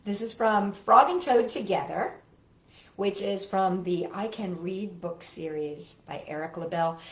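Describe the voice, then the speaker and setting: A woman hosting a children's storytime, reading aloud and singing with a gentle, clear delivery. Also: medium pitch, a little slow, echoey room, dull audio.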